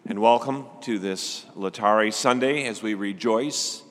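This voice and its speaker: An older man delivering a gentle, reflective Sunday sermon as a preacher. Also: fairly low pitch, measured pace, in a large hall, slight background noise.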